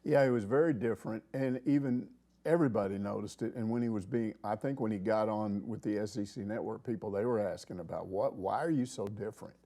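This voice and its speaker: A man's voice: on the low side, fast talker, few pauses, dark tone. A middle-aged man hosting a casual sports talk show, rambling and opinionated. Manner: rambling, opinionated, acts out quoted people.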